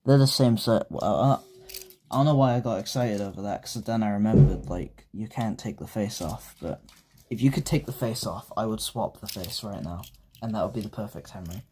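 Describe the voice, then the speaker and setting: A man giving a casual toy review, talking in an excitable, rambling way and often breaking off mid-sentence. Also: on the low side, fairly quick, slight background noise. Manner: rambling, excitable, self-interrupting.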